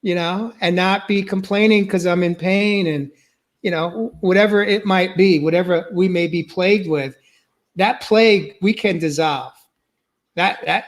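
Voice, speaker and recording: A man in his late fifties on a podcast video call, talking earnestly and stumbling over his words. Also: high voice. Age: 50s. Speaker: podcast co-host. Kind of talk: casual panel chat.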